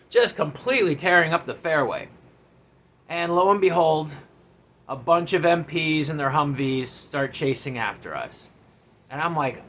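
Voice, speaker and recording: A man, a former enlisted soldier, telling a story from his service days in a casual, animated, profane way. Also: a little high, measured pace.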